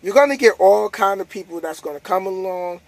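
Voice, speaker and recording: Tired high-voiced man giving pep talk. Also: expressive, fairly quick, no room sound. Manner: casual, repetitive, preachy, building up emphasis. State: tired, yawning. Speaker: trucker vlogger. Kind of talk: motivational monologue to camera.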